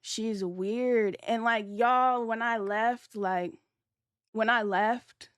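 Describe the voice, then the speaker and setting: This young woman streamer talks very slowly with fairly even intonation, her clean voice captured in a dry, studio-quality recording. Telling a story on her livestream, she uses chatty, slangy, profane language heavy on "like," acting out quotes with big shifts in pitch and loudness.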